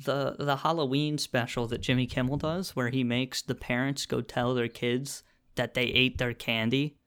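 A man's voice: mid-range voice, fairly even intonation, moderate pace, a bit bright, clear, resonant tone. A young man co-hosting a podcast in casual chat, laughing often as he tells stories. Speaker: podcast co-host.

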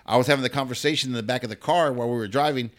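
Fast-talking male comedian telling a story. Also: mid-range voice. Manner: rambling, swearing, repeats words at the start of lines. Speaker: guest comedian. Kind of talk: casual podcast storytelling.

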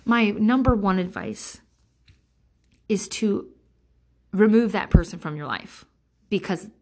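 A woman in her thirties talking casually to camera, blunt and profane, giving advice while she vents about passive-aggressive people. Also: takes it slowly. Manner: blunt and profane, with sarcastic impressions of others; animated, swinging between loud outbursts and low mutters.

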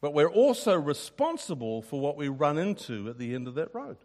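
A man's voice: a little high, big pitch swings, moderate pace, a little mellow. A man preaching a sermon, earnest and emphatic, often repeating a word as he starts a sentence. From New Zealand.

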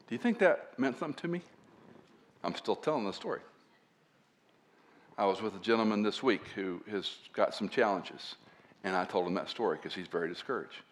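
A man preaching a sermon as a pastor and Bible teacher, earnest and often dropping to a soft, hushed voice to stress a point. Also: on the low side, lively intonation, normal speed.

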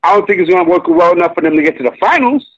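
A man's voice: high-pitched, lively intonation, very fast, fairly bright tone, slightly rough, dull audio. A man giving opinionated, colloquial basketball commentary, emphatic and mocking at times. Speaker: sports commentator.

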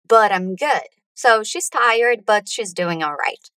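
A woman leads an English lesson, sounding out phrases slowly and carefully so learners can repeat them. Her pitch moves a lot, rising and falling as she stresses each word. The sound is close and dry, with no room echo. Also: animated, bright, forceful tone. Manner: slow, deliberate, stretching out words for learners to repeat. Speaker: English pronunciation teacher.

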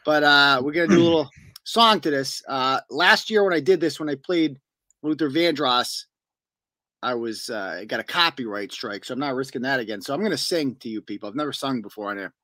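A man's voice: mid-range voice, a little fast, pushed and bright, no echo. A man and show host delivering a profane, mocking comedic rant.

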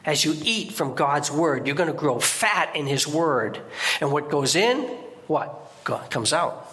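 A man's voice: fairly high pitch, lively intonation, unhurried, a bit bright. A middle-aged man giving a guest sermon in a church, preaching conversationally with restarts and sudden emphatic outbursts.

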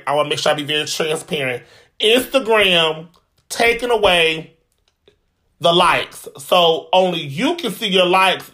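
A man dishes out sassy, profane gossip in a casual vlog, his voice sitting high for a man. The tone is bright and sharp, and he sounds dramatic and opinionated throughout. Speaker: vlogger. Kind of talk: casual reality-TV commentary.

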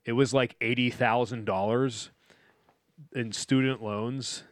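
A man's voice: mid-range voice, steady tone, takes it slowly, dry recording. A man co-hosting a comedy podcast, telling rambling stories and laughing through them. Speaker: podcast co-host. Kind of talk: casual chat.

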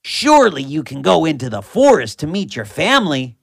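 A woman's voice: sits low, sing-song, normal speed, vocal fry, husky, no echo, studio quality, full character voice. A woman voicing a cold, hungry, grumpy male wolf in a children's story. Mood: puzzled.

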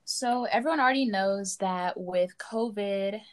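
A woman co-hosting a casual podcast, talking loosely with lots of fillers. Her voice sits at an ordinary middle pitch. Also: unhurried. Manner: chatty, with frequent fillers and likes. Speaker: podcast co-host. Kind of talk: casual chat and reading a news summary.

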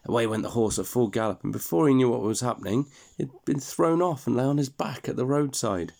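A man reading a fairy tale aloud to a child in a relaxed, chatty way, stopping to explain and laugh. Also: medium pitch, a little fast, creaky.

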